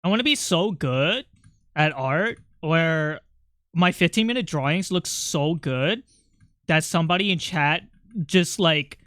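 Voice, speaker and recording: An art streamer chatting casually while drawing, joking around, quickly apologizing and running down their own skills. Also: medium pitch, lively intonation, fairly bright tone, dry recording, studio quality. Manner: self-deprecating.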